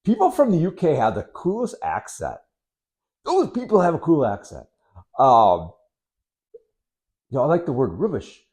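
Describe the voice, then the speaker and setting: A middle-aged man from Wisconsin rambling casually to camera, unhurried and full of ums, with sarcastic asides. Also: fairly high pitch, huge pitch swings, a little mellow. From Wisconsin, United States. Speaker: vlogger.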